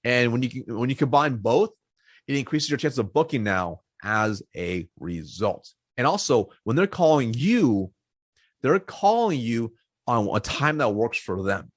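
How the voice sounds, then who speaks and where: A man's voice: mid-range voice, big pitch swings, unhurried, no room sound, clean studio sound. A man who trains salespeople, teaching in a direct, casual way and checking in with "okay" and "all right" as he goes. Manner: direct, repeats points, many okays and all rights.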